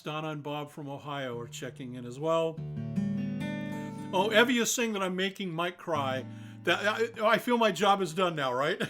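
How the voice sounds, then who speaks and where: An older man hosting a live online concert, chatting casually between songs and greeting viewers by name. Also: sits high. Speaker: singer-songwriter hosting a live stream concert.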